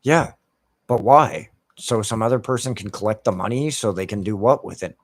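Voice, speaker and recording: Man, American, low voice, dry sound, swearing, rambling gameplay rant. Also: moderate pace, no room sound. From United States. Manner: heavily profane, heated ranting. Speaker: gaming streamer. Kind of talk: rambling commentary over gameplay.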